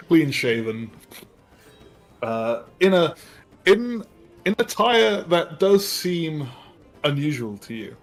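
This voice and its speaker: A man narrating a tabletop game as dungeon master, rambling and hesitant with many fillers. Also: mid-range voice.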